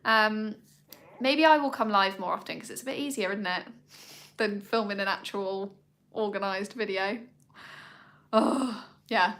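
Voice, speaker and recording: Woman, live-stream host, bright and chatty, rambles with ums. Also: a little slow, long pauses. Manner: coos at her dogs in a high voice. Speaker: dog owner hosting a live Q&A. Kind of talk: casual live-stream chat.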